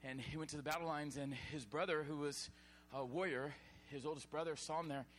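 Casting: energetic preacher, fairly high voice, exhorts and shouts at times. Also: male voice, brisk, a little hiss or hum. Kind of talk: sermon.

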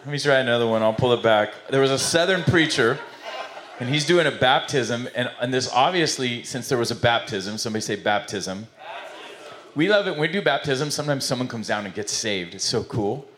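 Brief: a man of middle pitch preaching in a church, loose and conversational. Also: lively intonation, brisk, a bit bright, slight background noise. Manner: conversational, rambling, self-correcting. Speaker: pastor. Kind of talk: sermon with jokes. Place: church service before a congregation.

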